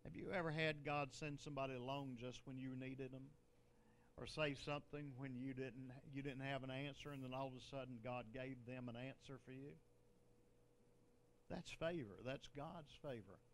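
A man's voice: medium pitch, fairly even intonation, moderate pace, a little hiss or hum. Older man preaching a chatty sermon. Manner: conversational preaching with joking asides and laughs. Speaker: bishop preaching.

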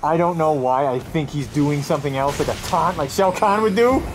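A young man giving casual let's-play commentary, excitable and talking to himself as he yells at the game. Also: on the high side, moderate pace, noisy background. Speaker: gameplay commentator.

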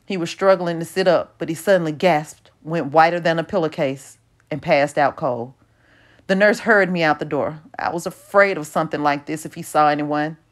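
Low-voiced woman narrating an audiobook.

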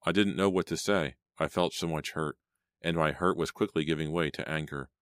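A man narrating an audiobook in a steady, measured reading style. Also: a bass voice, no echo, studio quality. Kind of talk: scripted storybook narration.

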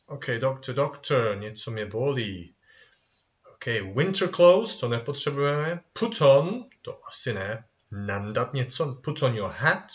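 A man leads a children's English review lesson, modelling phrases and answering his own questions in a sing-song, animated way. His voice is mid-range at a measured pace, on a dull lo-fi recording.

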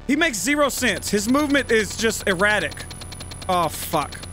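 A man giving live gameplay commentary, exasperated and swearing, yelling at the game as he plays. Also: high-pitched, very animated, normal speed, noisy background. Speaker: gaming channel host.

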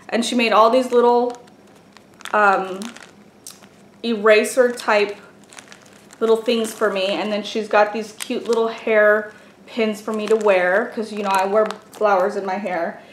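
A woman's voice: medium pitch, flat delivery, a little slow. A woman chatting casually as she unboxes gifts for a vlog, gushing and exclaiming over each item. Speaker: beauty and craft vlogger. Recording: echoey room with faint noise.

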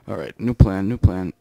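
A man's voice: medium pitch, vocal fry, dark tone. A young man commenting on his own gameplay, muttering panicky exclamations and swearing a lot. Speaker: let's play gamer. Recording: noisy gameplay recording.

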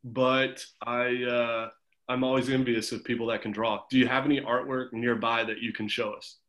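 Young male coach, middle pitch, teasing and upbeat, heard over a video call. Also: level tone, moderate pace, a bit bright. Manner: encouraging, chatty, teasing. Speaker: swim coach. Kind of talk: casual group video call check-in.

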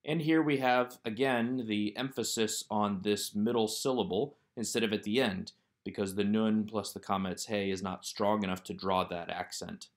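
A man's voice: on the low side, fairly even intonation, normal speed, hardly any pauses. A man teaching a recorded Hebrew grammar lesson, walking through workbook exercises one by one in a methodical, explanatory way.

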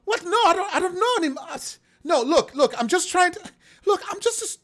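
A man's voice: lively intonation, fairly quick, a bit bright. A man voicing a jittery male half-orc storyteller with a put-on Italian accent, stammering and pleading. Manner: pleading, stammering, high and strained.

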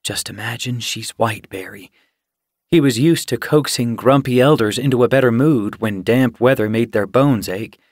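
A man reading an audiobook in scripted, measured narration. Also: mid-range voice, a little mellow, dry recording, studio quality. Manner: measured, unhurried storytelling.

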